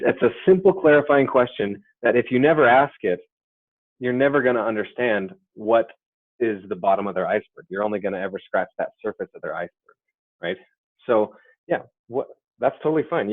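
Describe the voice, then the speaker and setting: This man's voice is lowish and dryly recorded. He keeps his sales training webinar conversational, regularly checking in with "right?" and "okay?", and the dry, phone-like sound comes from a computer or headset mic.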